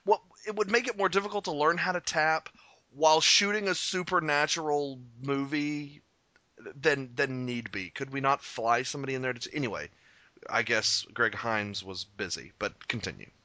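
A man co-hosting a podcast in casual chat, wry and joking, with quick asides. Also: medium pitch, pushed and bright, no echo. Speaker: podcast co-host.

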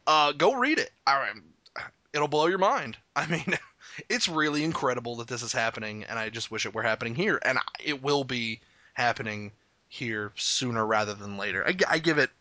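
A man from Arkansas co-hosting a casual chat, excitable and profane, laughing often. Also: mid-range voice, normal speed, dry recording. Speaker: podcast co-host.

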